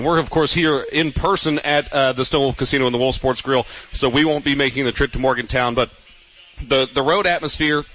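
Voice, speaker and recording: A man hosting a radio football pregame show from a sports grill, with a brisk, upbeat announcer delivery. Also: mid-range voice, fairly bright tone. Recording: dull radio broadcast with faint noise.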